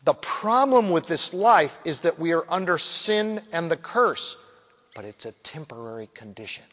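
A man preaching with emphatic conviction, stretching key words slowly as he reads scripture aloud. His voice sits a little higher than most men's. It rings out with a long hall reverb. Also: big pitch swings, fairly bright tone. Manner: emphatic, slows down on key phrases, quoting scripture. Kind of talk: sermon.

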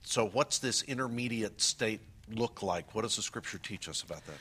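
A man interviewing a speaker on a church stage, asking thoughtful questions with some halting restarts. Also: fairly low pitch, fairly bright tone, slightly rough. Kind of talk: onstage conversation.

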